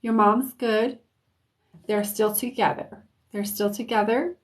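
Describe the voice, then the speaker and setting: Slow, higher-voiced woman giving a reading. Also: fairly even intonation. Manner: hesitant, searching for words; soft, comforting reassurance. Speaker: intuitive reader. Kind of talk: live-stream reading.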